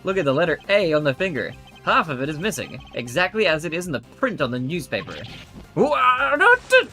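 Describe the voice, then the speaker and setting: A cool, composed prosecutor, read by a man, formal and measured. The voice has lively pitch.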